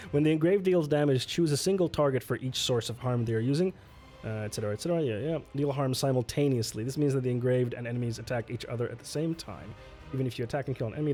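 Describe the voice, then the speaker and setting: A man at an ordinary middle pitch, streaming a solo tabletop game in a loose, chatty way. He reads rules aloud, mutters while moving pieces, and answers his chat between turns. Faint music plays softly behind him. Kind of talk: casual livestream play-through.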